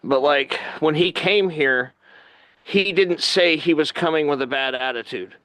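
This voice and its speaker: Animated man retelling a story. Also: fairly high pitch, measured pace, poor audio. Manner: animated storyteller, acts out quotes loudly. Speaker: guest wrestler. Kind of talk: storytelling on a podcast.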